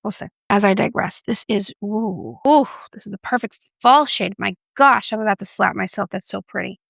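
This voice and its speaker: A woman doing a casual makeup review vlog, chatty and playful, with self-mocking asides and soft whispered moments. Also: mid-range voice, normal speed, gravelly, no echo, studio quality. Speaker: beauty reviewer.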